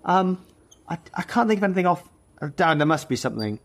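A man's voice: high voice, very animated, fast talker. A man who is a co-founder speaking as a podcast guest, hesitant and searching for words. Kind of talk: casual interview.

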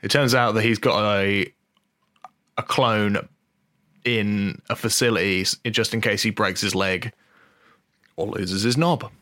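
A man's voice: fairly low pitch, steady tone, unhurried, pauses often, bright, forceful tone, no echo. Wry man with a dry, close sound. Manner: wry, swears freely, stumbles and rereads. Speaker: podcast host. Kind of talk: casual comic chat reading a news story aloud.

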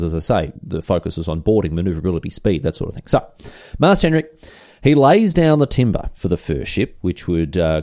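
A man's voice: on the low side, dark tone, no echo, studio quality. A man hosting a comedic history podcast, telling the story with chatty, irreverent asides and casual swearing. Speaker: podcast host.

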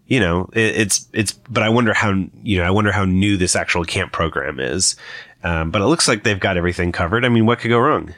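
A man's voice: low voice, fairly bright tone, no room sound, studio quality. A young man giving a casual, rambling commentary, full of fillers and self-corrections. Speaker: video commentator. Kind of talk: casual trailer breakdown commentary.

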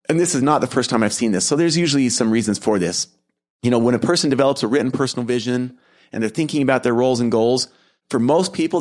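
A middle-aged man hosting a podcast, telling a reflective story in an earnest, gentle way with soft laughs. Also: mid-range voice. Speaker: podcast host and keynote speaker.

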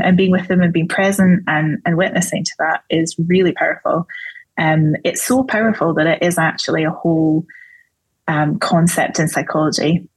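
A woman's voice: low voice, husky, no echo, rough recording. A woman, a theologian guest on a podcast interview, explaining her ideas thoughtfully in a conversational way. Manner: thoughtful, explanatory, with light laughs.

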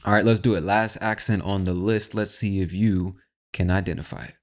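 A man's voice: low voice, steady tone, moderate pace. A man hosting a podcast in a brash, chatty style, swearing freely. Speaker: podcast host. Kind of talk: casual podcast chat.

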